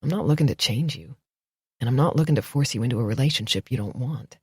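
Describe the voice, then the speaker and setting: A woman narrator voicing a grounded, gruff blue-collar man in an audiobook, with a low-key, steady, reassuring manner. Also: fast talker, no echo, clean studio sound, full character voice. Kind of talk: audiobook dialogue.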